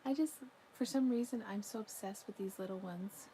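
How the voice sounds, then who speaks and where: Speaking at normal speed in a dark, medium-pitched voice, a woman chats casually on her crochet live stream from home. Between reading viewer comments and the occasional yawn, she talks to her pet. Audio quality is poor, with slight background noise.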